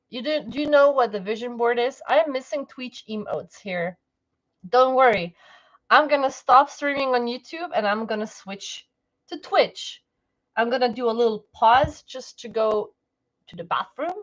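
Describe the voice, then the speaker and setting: A woman's voice: fairly high pitch, highs cut off. A woman livestreamer chatting casually, rambling and cutting herself off, with frequent laughs. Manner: rambling, self-interrupting, laughs often.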